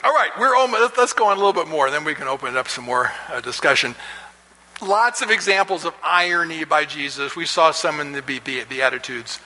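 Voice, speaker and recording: Male Bible teacher, chatty and laughing, bright tone, echoey hall. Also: fairly high pitch, lively intonation, a little fast. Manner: chatty, chuckling, frequent restarts. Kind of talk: casual lecture with storytelling.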